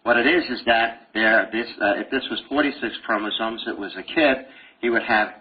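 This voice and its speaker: A man's voice: on the low side, moderate pace, husky. A middle-aged man giving a live medical lecture, joking and telling stories to his students in a lecture hall. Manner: animated, jokey storytelling with laughs. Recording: dull lo-fi lecture-hall recording with faint hiss.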